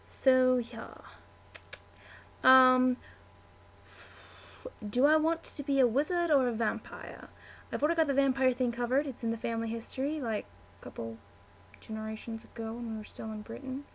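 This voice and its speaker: A woman's voice: a little high, steady tone, normal speed, gravelly, long pauses. A chatty young woman, answering a word-list meme on webcam, easily distracted and full of "like" and "um". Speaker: vlogger.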